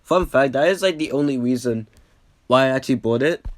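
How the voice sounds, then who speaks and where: A young man casually rambling over an old video, packed with "like" fillers and the odd swear, getting excited and then trailing off. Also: mid-range voice, brisk, soft background music. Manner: excitable bursts, trails off with a quiet "yeah". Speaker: reaction video host.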